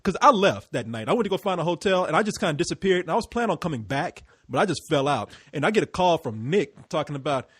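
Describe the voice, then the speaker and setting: A man from Texas telling stories in a casual chat, animated, laughing often and swearing freely. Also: a little high, fast talker, few pauses, breathy edge, no room sound.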